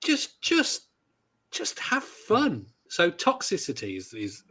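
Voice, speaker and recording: A man co-hosting a gaming podcast, chatting casually in a jokey, animated way with lots of restarts. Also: high voice, takes it slowly, slightly rough. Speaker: podcast co-host. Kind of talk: casual chat.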